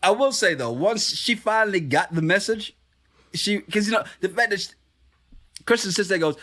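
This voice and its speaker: Guy cohosting a podcast, real animated, high and bouncy voice, keeps laughing and doing quotes. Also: normal speed. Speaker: podcast co-host. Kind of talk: casual reality TV recap chat.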